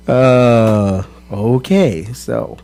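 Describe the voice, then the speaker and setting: A man co-hosting a casual chat who jokes about himself and acts put upon. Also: medium pitch. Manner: joking, self-mocking. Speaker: co-host.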